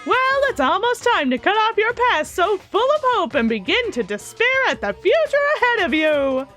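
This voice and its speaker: A woman's voice: very high-pitched, sing-song, normal speed, fairly bright tone, soft background music, pitched above the performer's own voice, exaggerated voice. A woman voicing a gleeful, crude male robot bear mastermind who cackles and taunts in a video game. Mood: taunting glee.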